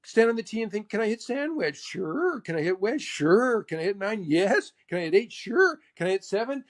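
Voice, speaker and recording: A man's voice: high voice, sing-song, moderate pace, voice pushed up. A man impersonating a quirky older male golf legend who talks in a sing-song way, starts lines with "ooh", repeats phrases and calls people "pal". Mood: urging.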